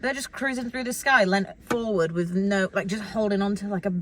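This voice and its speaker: A woman's voice: mid-range voice, a little fast, background noise. A young woman from Britain co-hosting a casual podcast chat, blunt, teasing and dramatic. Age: young adult. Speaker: podcast co-host.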